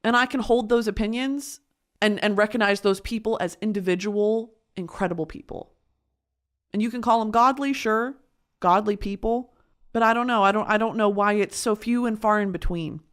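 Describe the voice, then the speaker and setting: A woman's voice: medium pitch, moderate pace. A woman hosting a podcast, talking in an earnest, emotional personal monologue. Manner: emotional, earnest, tearful at times. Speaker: podcast host.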